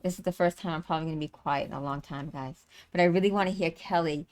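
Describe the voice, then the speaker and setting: A low-pitched woman hosts a live stream in loose, casual talk. She rambles, restarts her sentences and fills the gaps with "um" and "you know.". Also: fast talker. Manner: rambling, many fillers and restarts. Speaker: livestream host and tour organizer.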